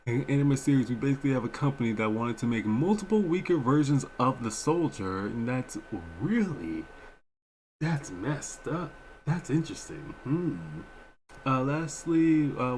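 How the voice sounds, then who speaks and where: A man's voice: medium pitch, expressive, moderate pace, a little mellow, a little hiss or hum, poor audio. A young man hosting a livestream, chatting casually in a rambling, emotional, slangy way. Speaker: livestream reaction host.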